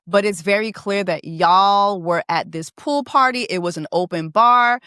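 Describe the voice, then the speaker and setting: A woman casually recapping a reality show, animated, profane and laughing as she goes. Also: medium pitch, a little slow, smooth, dry recording, clean studio sound. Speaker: reaction vlogger.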